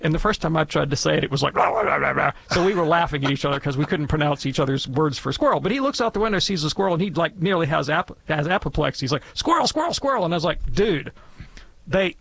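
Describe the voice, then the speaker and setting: A man's voice: on the high side, rapid-fire, vocal fry, hardly any pauses, a bit bright. A man answering listener questions on a call-in radio show, explaining ideas casually and wandering off into jokey tangents. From Alabama, USA. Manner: rambling, digressive and jokey, with playful tangents. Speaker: guest theologian answering questions.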